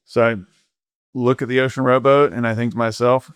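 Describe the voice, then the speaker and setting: A man's voice: medium pitch, level tone, brisk, clean tone, dry recording, studio quality. A man, a podcast guest, telling an ocean-rowing story candidly, rambling with lots of fillers. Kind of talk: casual storytelling interview.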